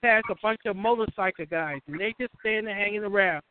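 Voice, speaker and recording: A woman's voice: medium pitch, brisk, slight background noise. A woman hosting a call-in show, giving casual advice, often restarting and acting out little dialogues. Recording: tinny phone line.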